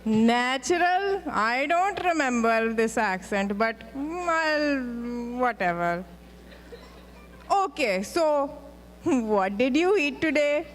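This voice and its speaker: A man playing a fussy Indian mother, very high. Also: expressive, slow pace, a bit bright, full character voice. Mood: fussing. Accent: Indian English. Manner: scolding, nagging, exclaiming. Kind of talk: student stage skit.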